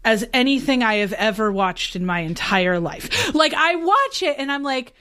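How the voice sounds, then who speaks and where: A woman's voice: on the high side, moderate pace, smooth. A woman co-hosting a podcast, speaking candidly and casually about films and her own feelings. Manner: candid, confessional, animated. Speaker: podcast co-host. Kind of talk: casual film discussion.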